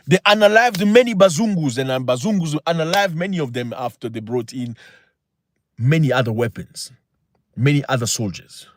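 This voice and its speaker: A man's voice: mid-range voice, no room sound, studio quality. A man hosting a livestream, talking in an impassioned, preachy way with many rhetorical questions. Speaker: channel host. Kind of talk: livestream talk.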